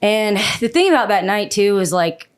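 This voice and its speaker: A young Canadian woman, a country singer, talking as a guest on a podcast with blunt, profane, animated storytelling. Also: mid-range voice, normal speed, clean tone. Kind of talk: casual podcast chat.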